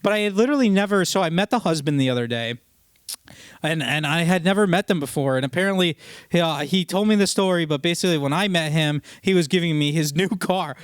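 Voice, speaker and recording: A man's voice: on the high side, fast talker, clean tone, dry recording, studio quality. A young man hosting a casual solo podcast, telling rambling work stories full of swearing and quoted voices. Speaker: podcast host. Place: home podcast set with curtain backdrop.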